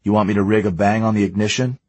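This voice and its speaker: Male reader as a blunt, gruff soldier, low husky delivery. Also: fairly even intonation, fast talker, darkish tone, dry recording.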